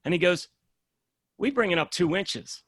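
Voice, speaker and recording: A man's voice: high-pitched, normal speed, no room sound, clean studio sound. A man guest on a podcast, telling a story in casual talk and acting out the lines of the people in it. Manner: animated storyteller acting out dialogue.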